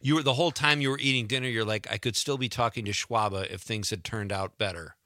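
A man's voice: mid-range voice, quick pace, sharp tone, no echo, studio quality. A man hosting a talk show, reading an ad and chatting with a guest in an upbeat, anecdotal way. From Chicago. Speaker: radio show host. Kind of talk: casual interview.

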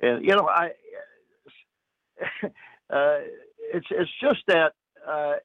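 An older man, a retired newspaper editor, talking as a radio guest, halting and full of fillers. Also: fairly high pitch, no echo. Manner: halting, many fillers and restarts. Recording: tinny phone line.

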